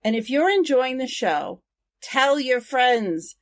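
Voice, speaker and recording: A woman's voice: sits high, sing-song, slow. A woman co-hosting a podcast, chatting earnestly and then reading out the show's contact details as the sign-off. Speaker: podcast co-host. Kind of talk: casual podcast chat.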